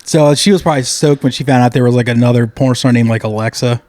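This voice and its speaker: A man's voice: mid-range voice, fast, a little mellow, no room sound, clean studio sound. A man co-hosting a podcast in casual chat, riffing loosely with lots of swearing and comic bits. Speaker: podcast co-host.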